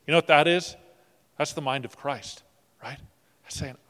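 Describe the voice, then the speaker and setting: A man's voice: a little high, normal speed, long pauses, pushed and bright. A male pastor preaching a sermon and leading a closing prayer, earnest in tone and repeating words when moved. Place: church sanctuary. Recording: long reverb of a church hall.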